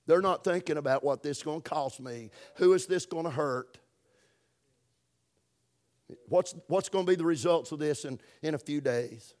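A middle-aged Southern US pastor with a fairly high voice preaches a folksy, emphatic sermon. He draws words out for emphasis, lurching between booming stresses and phrases that drop almost to a whisper.

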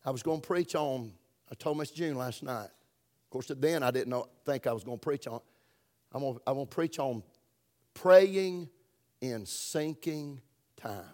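A middle-aged man with a Southern US accent, preaching a folksy, emphatic sermon that swings between loud stresses and soft, drawn-out words. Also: medium pitch. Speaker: pastor.

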